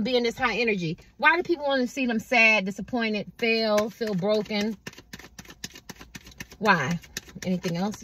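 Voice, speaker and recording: A woman's voice: on the high side, fairly bright tone, no echo. A woman tarot card reader giving a casual collective reading, rambling and conversational and asking "you know what I mean" again and again.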